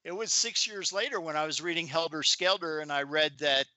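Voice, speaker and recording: A man in his seventies, a podcast guest and author, telling animated stories in a chatty interview. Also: on the high side, a little fast, no room sound. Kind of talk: anecdotal storytelling in an interview.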